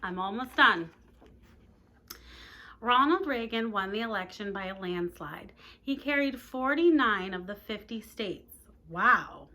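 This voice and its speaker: A woman's voice: mid-range voice, lively intonation, measured pace, sharp tone. A woman, a teacher, reading a novel aloud and breaking off for chatty asides to her listeners.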